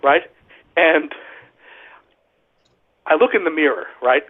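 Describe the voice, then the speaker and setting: Husky-voiced man telling stories over the phone. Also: fairly high pitch, slow. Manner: animated, profane anecdote-telling with frequent "right?". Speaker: guest, former pro wrestler. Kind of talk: casual storytelling on a podcast. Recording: tinny phone line.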